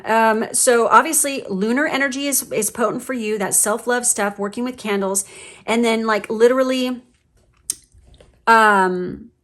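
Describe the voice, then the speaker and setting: A woman's voice: on the high side, a bit bright. A woman giving a casual, emotional tarot reading, chatty with lots of fillers and the odd swear word. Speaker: tarot reader.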